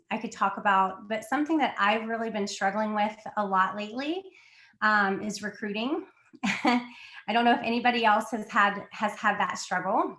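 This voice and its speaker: A woman's voice: mid-range voice, pushed and bright. A woman in her thirties, sick and slightly out of breath, giving a candid, chatty motivational talk to her team on a video call, laughing often. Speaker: team leader on a sales call. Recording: echoey room.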